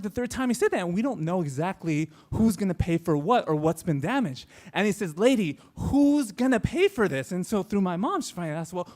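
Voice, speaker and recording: Chatty high-voiced male storyteller. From Mexican-American. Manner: chatty, many "like" fillers and restarts. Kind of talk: live storytelling on stage.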